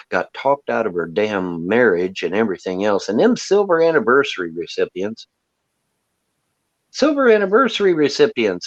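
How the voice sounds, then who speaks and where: A man's voice: on the low side, dry recording. Sarcastic ranting man, lo-fi sound. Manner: sarcastic, mocking sing-song emphasis. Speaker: livestream host. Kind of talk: ranting monologue. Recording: dull lo-fi sound.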